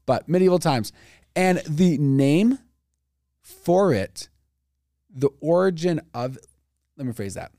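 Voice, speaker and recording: A man's voice: on the high side, lively intonation, slow, long pauses, dark tone, no room sound, studio quality. A man co-hosting a casual podcast chat, rambling and thinking aloud with fillers. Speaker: podcast co-host.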